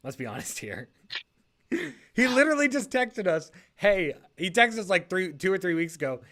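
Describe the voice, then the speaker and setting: A man's voice: high-pitched, very animated, normal speed, bright, forceful tone. A man casually talking through league matchups on a podcast. He rambles, corrects himself mid-sentence and laughs often.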